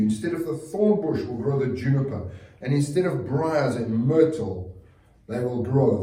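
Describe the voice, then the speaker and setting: A man's voice: mid-range voice, lively intonation, moderate pace, mellow. A man preaching a sermon as a pastor, earnest and repetitive, often restarting his phrases. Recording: roomy, distant mic.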